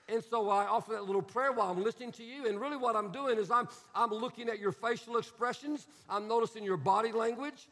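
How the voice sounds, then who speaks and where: Middle-aged male preacher, very high bright voice, sarcastic and animated, long church-hall reverb. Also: fairly quick, few pauses. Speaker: pastor. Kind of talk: sermon.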